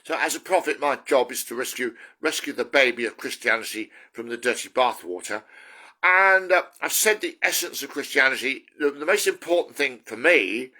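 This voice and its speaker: A man's voice: medium pitch, animated, moderate pace, bright, forceful tone. A man from the UK, a self-styled prophet, giving an earnest, rambling spiritual monologue with many restarts.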